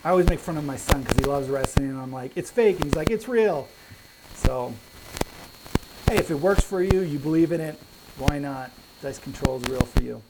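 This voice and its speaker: A man's voice: mid-range voice, fairly quick, heavy background noise. A man hosting a casual live Q&A stream, chatting and thinking aloud on a clip-on mic in an indoor room with some echo. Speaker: host of a craps channel live stream. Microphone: clip-on mic with pack.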